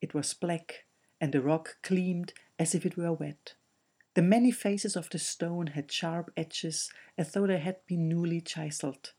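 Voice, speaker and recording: A man reading a fantasy novel aloud as an audiobook narrator, in a measured way. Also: a little high, steady tone, darkish tone. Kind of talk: scripted narration.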